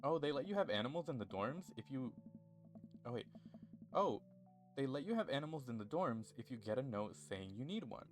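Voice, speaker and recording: A man playing through a story game, reading its dialogue aloud in an animated, jokey way and switching between character voices. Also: medium pitch, fairly quick, soft background music. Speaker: gaming YouTuber.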